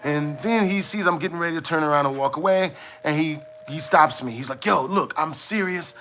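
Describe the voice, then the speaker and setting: A man's voice: fairly high pitch, a little fast, a bit bright, slight background noise. A man and gaming streamer telling a casual story in a rambling, slangy way, full of "you know what I'm saying" fillers.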